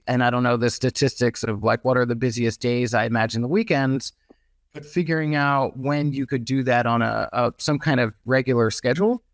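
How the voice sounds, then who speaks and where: A man's voice: medium pitch, dry recording, clean studio sound. A man speaking as a podcast guest in casual conversation, talking loosely with frequent restarts. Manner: conversational, many restarts and hedges. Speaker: podcast guest, merch business owner.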